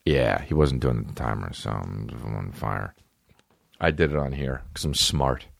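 A man's voice: very deep voice, lively intonation, a little slow, creaky, no room sound, clean studio sound. A young man hosting a podcast, telling rambling, profane comic stories with lots of fillers and frequent laughs. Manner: laughs often while talking. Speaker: podcast host. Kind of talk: casual comedic monologue.

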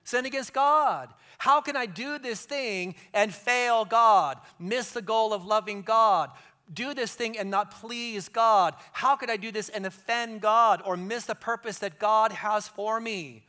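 A man preaching a sermon as pastor, conversational and animated, dropping to hushed tones for emphasis. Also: high voice, measured pace, clear, resonant tone.

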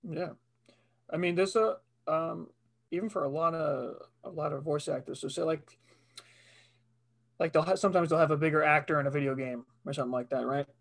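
A man's voice: fairly high pitch, fairly quick, creaky. A man, a voice actor, chatting casually on a podcast as a guest, joking, swearing freely and laughing often.

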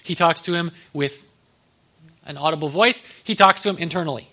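A man's voice: on the high side, a little fast, bright, forceful tone. A man pastor giving a conversational sermon, with joking asides to the congregation.

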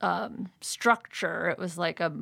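A woman's voice: fairly low pitch, slow, gravelly, bright, forceful tone, no room sound, studio quality. A woman retelling a role-play adventure in casual chat, leaning hard on "like" and acting out the lines of the people in her story. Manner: chatty, filler-heavy with frequent "like", acts out quoted lines.

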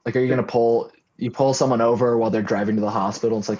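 A young man in casual podcast chat, rambling and joking with deadpan tall tales. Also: medium pitch, very fast, few pauses. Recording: dull lo-fi sound.

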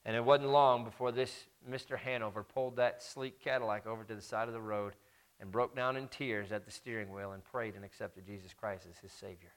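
A man's voice: on the low side, steady tone, a little fast. A man preaching a sermon, telling a story and leading a prayer, with emphatic repetition of key phrases.

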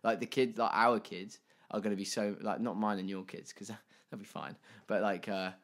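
A man's voice: on the low side, fairly even intonation, moderate pace, a bit bright. A man, co-hosting a casual podcast and telling stories in a rambling way full of fillers and restarts. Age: 20s. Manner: rambling, filler-heavy storytelling with many restarts. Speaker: podcast co-host. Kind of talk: casual chat.

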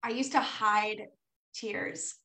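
A woman's voice: a little high, fairly even intonation, slow, sharp tone, echoey room, low-quality recording. A woman hosting a podcast in casual chat, candid, swearing freely and laughing often. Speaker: podcast host.

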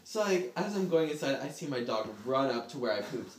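A man tells a long, rambling anecdote among friends, stumbling through fillers and breaking into laughter. His voice sits at an ordinary pitch. The room gives it a roomy echo. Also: expressive, fast talker, slight background noise. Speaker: storyteller in a group chat. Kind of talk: casual chat.

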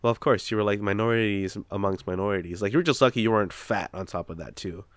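A man telling stories in casual, profane chat, animated when he tells them. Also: on the low side, quick pace, crowd noise.

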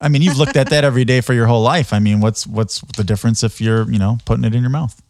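A man's voice: mid-range voice, fast, darkish tone, dry recording. A man with a mid-range voice hosting a casual interview. He rambles into his questions and laughs often. The sound is close and dry. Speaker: podcast host.

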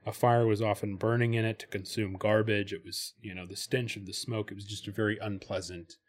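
A male podcast host in easygoing conversation. He talks at length in a fairly low voice, full of "um"s and restarts. Now and then he slips into reading a passage aloud. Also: little pitch movement, fairly quick. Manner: talkative, many fillers and restarts, reads passages aloud. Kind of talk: casual chat about spirituality.

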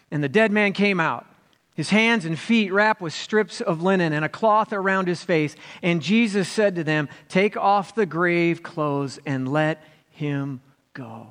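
A man's voice: on the high side, unhurried, clean tone. Pastor guy preaching, gets rousing, voice echoing in a big hall. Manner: building to an animated, rousing delivery. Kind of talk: sermon. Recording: long church reverb.

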